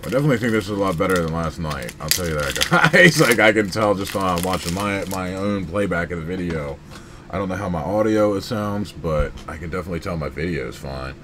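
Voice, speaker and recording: A man's voice: sits low, brisk, background noise. Chatty man opening trading cards. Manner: excitable, shouts and whoops over big pulls; rambling, chatty asides. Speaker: card breaking channel host. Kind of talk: casual card-opening vlog.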